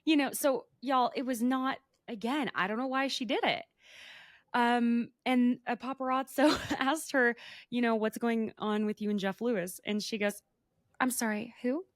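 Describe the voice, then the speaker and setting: A woman's voice: fairly high pitch, normal speed, no room sound, clean studio sound. A woman co-hosting a podcast, chatting casually and laughing often as she dishes gossip. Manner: chatty, animated, laughs often, says y'all. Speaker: podcast co-host.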